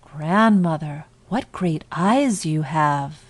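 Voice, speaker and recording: A woman voicing an innocent little girl in a storybook reading, with quick, eager lines. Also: sits low, expressive, no room sound, exaggerated voice. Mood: wondering.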